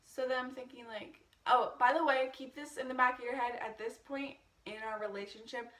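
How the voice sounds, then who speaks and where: A woman's voice: high voice, steady tone, a little fast, few pauses, a bit bright, reverberant, distant mic. A young woman in a casual storytime vlog, chatty, laughing often and swearing freely. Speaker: vlogger.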